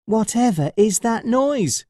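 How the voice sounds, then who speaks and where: A man voicing a tiny, bold and stubborn male mouse in a squeaky voice. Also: animated, slow pace, darkish tone, dry recording, clean studio sound. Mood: puzzled.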